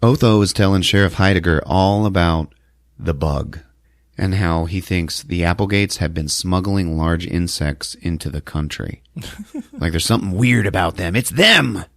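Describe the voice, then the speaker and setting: A man's voice: deep voice, moderate pace, fairly bright tone, dry recording, clean studio sound. A man hosting a podcast, recapping a movie in a casual way and acting out the lines in put-on voices with frequent laughter. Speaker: podcast host.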